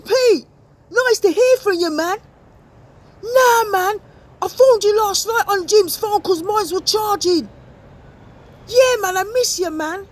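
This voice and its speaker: Cocky young man, done by a woman, slangy, loud, high voice. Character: cocky young man yelling into his phone.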